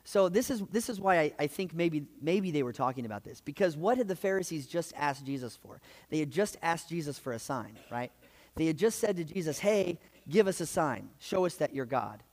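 A man preaching a sermon, retelling gospel stories in a lively, conversational way with frequent asides. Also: a little high, a little fast. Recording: long hall reverb.

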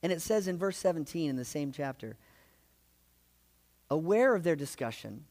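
A man with a slightly higher voice delivers a sermon in a big hall, and his words trail off into a long reverb. He tells the stories casually and lively, full of asides and self-corrections, as a preacher talking to his congregation. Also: normal speed. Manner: lively storyteller, conversational with frequent asides. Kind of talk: sermon retelling gospel stories.

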